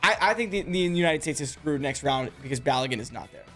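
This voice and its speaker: A man's voice: fairly high pitch, animated, fast talker, fairly bright tone, faint music behind. A man co-hosting sports talk radio who gives opinionated takes, often stumbling and restarting his sentences. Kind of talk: casual sports radio banter.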